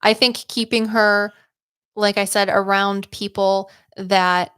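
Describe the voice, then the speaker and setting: A woman's voice: medium pitch, flat delivery, takes it slowly, fairly bright tone, smooth, dry recording, clean studio sound. A woman hosting livestream psychic readings, chatty and upbeat, rambling with lots of "like" and "um". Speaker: psychic medium host.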